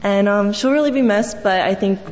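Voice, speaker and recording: A woman's voice: medium pitch, moderate pace, darkish tone. Young woman giving a rambling eulogy. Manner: fond rambling storytelling with many fillers. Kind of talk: memorial eulogy. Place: large church. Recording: echoey hall, dull sound, faint hiss.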